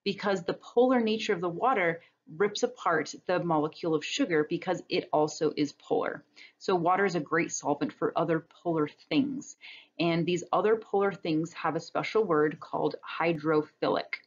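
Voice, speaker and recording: Lady teaching biology over slides, chatty and patient, kinda low voice, dull webcam sound. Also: normal speed. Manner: conversational, explains step by step with fillers and "right?". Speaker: biology instructor. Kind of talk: recorded lecture over slides. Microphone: webcam or computer mic on a talking-head recording.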